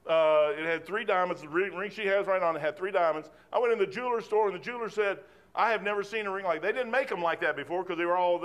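A man's voice: high voice, fairly bright tone. An older man preaching an informal sermon in a folksy, rambling, conversational way, drifting between Bible reading and personal stories.

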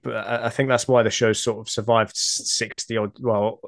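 A man's voice: on the low side, level tone, normal speed, vocal fry, no echo, studio quality. A man guesting on a podcast, talking casually and repeating words as he gathers his thoughts. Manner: hesitant, repeats words as he thinks. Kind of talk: casual chat.

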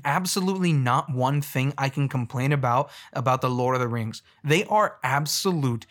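Man, casual comedic rant, rambling, excitable, slightly high voice. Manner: rambling, excitable, jokey, stumbles and restarts.

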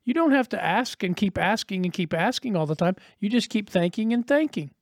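A man's voice: sits high, animated, a little fast, no room sound, studio quality. A man preaching a sermon as a pastor, earnest and conversational, posing rhetorical questions to his listeners.

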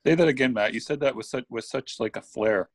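Male co-host, teasing wisecracker, husky voice, dry recording. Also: medium pitch, fast talker, no room sound. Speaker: podcast co-host. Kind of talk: casual podcast chat.

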